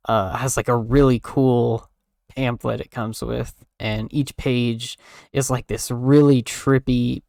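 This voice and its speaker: A man's voice: medium pitch, gravelly, a little mellow, no echo, clean studio sound. A young man streamer chatting in a casual, rambling way, full of "like" and "um" fillers and offhand swearing.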